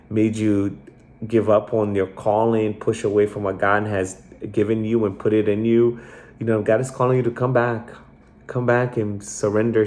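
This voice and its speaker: A young man hosting his own faith podcast alone, reflective and emotional, with many fillers and pauses. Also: lowish voice, darkish tone. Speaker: podcast host. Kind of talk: heartfelt solo faith podcast.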